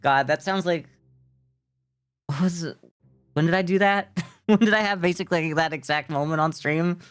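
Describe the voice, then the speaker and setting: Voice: medium pitch, clear, resonant tone, no room sound. A streamer playing a story game live, reading the text aloud, laughing often, and chatting in a self-mocking way with plenty of fillers.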